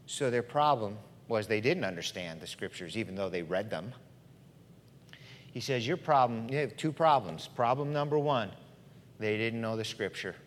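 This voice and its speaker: A man preaching a sermon in a church, dramatic, swinging between loud passages and hushed ones. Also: mid-range voice, a little hiss or hum. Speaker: pastor. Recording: long hall reverb.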